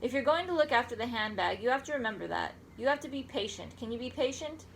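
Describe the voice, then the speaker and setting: A woman reading as a wise old grandmother, calm and certain in every word. She speaks firmly and without hurry, her voice sitting a little high. A faint hiss lies under it. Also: fast, gravelly, rough recording. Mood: patient.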